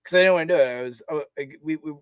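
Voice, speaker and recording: A man telling stories from his army service in a casual, animated way, laughing often and restarting his sentences. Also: a little high, racing, smooth, no echo. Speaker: podcast guest, army veteran. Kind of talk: casual storytelling.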